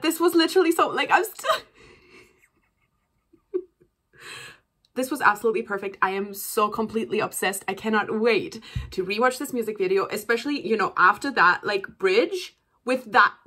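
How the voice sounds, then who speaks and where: A young woman reacting to a music video on camera, gushing and emotional, shaky and near tears with excitement. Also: fairly high pitch. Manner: gushing, emotional, breathless with excitement, laughs often. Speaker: reaction vlogger. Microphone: camera mic.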